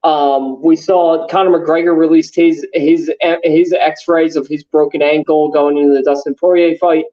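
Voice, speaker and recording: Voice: medium pitch, level tone, measured pace, hardly any pauses, dark tone, lo-fi sound. A podcast co-host in casual sports chat, ranting heatedly with lots of swearing and fillers.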